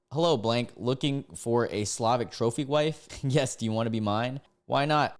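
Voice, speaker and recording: A young man reads dating app posts aloud and reacts casually, laughing and breaking into sudden high-pitched disbelief. His tone is clear and resonant.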